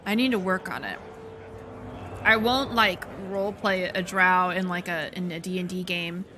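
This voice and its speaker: A woman's voice: lowish voice, moderate pace, noisy background. A woman streaming a game, chatting casually with joking asides. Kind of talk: casual gameplay commentary.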